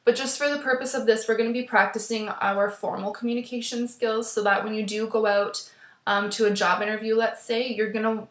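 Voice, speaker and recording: A woman teacher records a class lecture to her webcam from a chair at her desk, speaking at a middle pitch. Her delivery is steady and instructive, broken often by "um." The indoor room sounds roomy and echoey.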